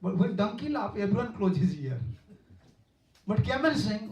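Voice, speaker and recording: A man's voice: sits high, very animated, moderate pace, darkish tone, slight background noise. A man giving a devotional lecture as a spiritual teacher, telling stories earnestly, repeating himself and chuckling, recorded from a distance in a hall. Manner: earnest, repetitive, chuckling storyteller. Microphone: room mic, far off.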